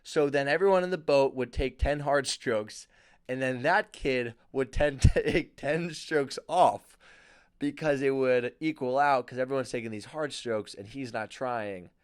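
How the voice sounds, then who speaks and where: Ranting, profane young podcast host. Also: male voice, mid-range voice, measured pace, clean tone, dry recording, studio quality. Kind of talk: casual solo podcast monologue.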